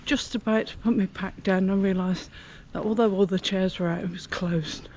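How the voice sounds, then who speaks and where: Older woman, casual walking vlog, chatty, rambling fillers, mid pitch, faint background noise. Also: fairly even intonation, moderate pace, a little mellow. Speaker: vlogger walking a pilgrimage trail. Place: outdoors on country paths.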